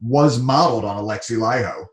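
A man's voice: mid-range voice, a little fast, roomy sound. A man guesting on a podcast, chatting in a laid-back, knowledgeable way with casual swearing. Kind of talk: casual chat.

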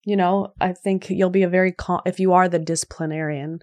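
A woman in casual podcast chat, earnest and reflective, speaking softly and trailing off in thought. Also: lowish voice, steady tone, a little fast, no echo.

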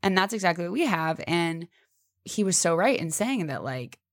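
A woman's voice: normal speed, no room sound, clean studio sound. A young woman hosting a casual motivational podcast, talking emphatically and swearing casually. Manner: emphatic, swears casually, animated pitch jumps. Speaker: podcast host.

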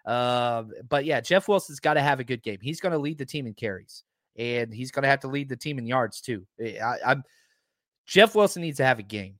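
A man hosting a sports talk show, talking casually and excitedly, stressing his points by repeating them. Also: on the high side, no room sound, clean studio sound. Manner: excitable, emphatic, keeps repeating himself.

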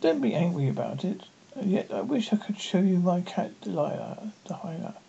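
A reader giving a polite, curious young girl a lifted voice in a halting storybook reading. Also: mid-range voice, big pitch swings, vocal fry, mellow, breathy edge, exaggerated voice. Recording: dull lo-fi with faint noise.

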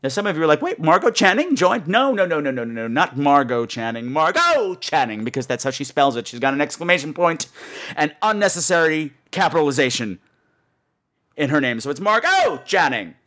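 A male podcast host chatting through a campy, theatrical monologue. His voice sits fairly high, and his pitch rises and falls animatedly as he talks. He keeps a loose, conversational delivery. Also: expressive, brisk, a bit bright. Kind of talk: casual monologue.

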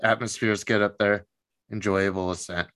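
A man's voice: on the low side, moderate pace, clear, resonant tone, no room sound. A man co-hosting a film podcast, chatting casually and joking about scenes he likes. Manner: relaxed, joking, short backchannels. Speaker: podcast co-host.

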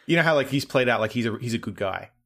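A man's voice: medium pitch, animated, rapid-fire, vocal fry, a bit bright. Chatty man laughing through a movie chat. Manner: laughs often, tells theories with mock quotes. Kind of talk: casual podcast chat about movies.

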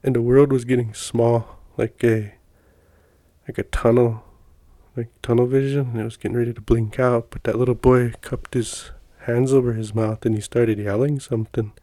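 A middle-aged man tells his own stories in a loose, folksy ramble, full of fillers and restarts. His voice sits mid-range and sounds relaxed and mellow. The recording is dry and close. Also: medium pitch, moderate pace, dry recording. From Montana. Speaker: podcast guest telling personal stories. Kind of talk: casual storytelling.

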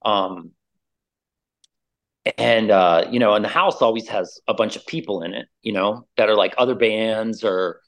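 A middle-aged man with a somewhat low voice tells a story in loose, casual chat. He is animated and full of "like" and "dude," and he acts out the voices of the people in it. The sound is plain. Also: measured pace. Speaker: interview guest, musician.

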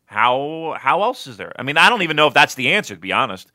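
Rambling, bright-voiced podcast man. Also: medium pitch, sing-song, quick pace, no room sound, studio quality. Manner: rambling, swears, many fillers and restarts. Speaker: podcast co-host. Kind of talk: casual wrestling podcast chat.

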